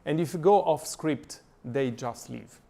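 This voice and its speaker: Halting man lecturing, gravelly voice. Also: fairly high pitch, mellow. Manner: thoughtful, many hesitations and fillers. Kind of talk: lecture reading and analyzing a poem. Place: church lecture.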